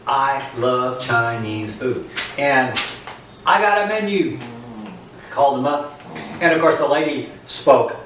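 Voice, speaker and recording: A man's voice: medium pitch, slow, pauses often, fairly bright tone, slight background noise. A man chatting and joking straight to his viewers as a gardening vlogger, at home. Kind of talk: casual chat to camera. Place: indoors at home. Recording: echoey room, mic far off.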